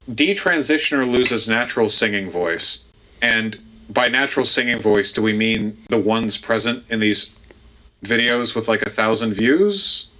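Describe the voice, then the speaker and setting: A man's voice: on the low side, bright, forceful tone, rough recording. A man co-hosting a casual reaction commentary, sarcastic and incredulous. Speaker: co-host reacting to videos.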